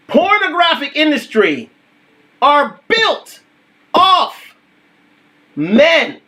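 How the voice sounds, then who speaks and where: A man's voice: very high voice, a bit bright. A young adult man hosting a casual livestream, talking emphatically and repeating his points. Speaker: livestream host.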